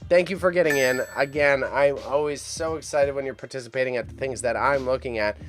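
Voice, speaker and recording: A man's voice: mid-range voice, brisk, faint music behind. Upbeat man chatting through a live auction stream. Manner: upbeat and chatty, talks to his cat and chat. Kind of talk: casual live-stream commentary.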